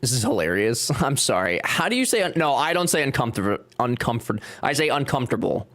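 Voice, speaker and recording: His medium-pitched, slightly bright voice moves a little fast with big pitch swings. A young Cajun-accented streamer from Louisiana, he jokes with his live chat and reads it aloud during a build.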